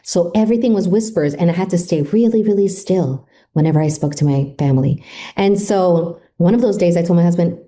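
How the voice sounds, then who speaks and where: Here a woman with a fairly low, dark voice speaks briskly. As a podcast guest she tells a personal story full of feeling, voicing the words of the people involved.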